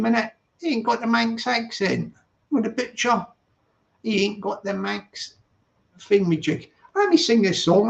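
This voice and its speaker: A man's voice: high-pitched, vocal fry, dull audio. A man hosting a casual live stream, chatting and repeating himself as he calls viewers darling.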